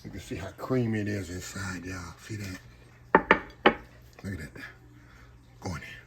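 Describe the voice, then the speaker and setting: A man's voice: deep voice, fairly even intonation, measured pace, pauses often, noisy background. A man hosting a casual home cooking vlog, folksy and chatty, calling his viewers y'all. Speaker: cooking vlogger.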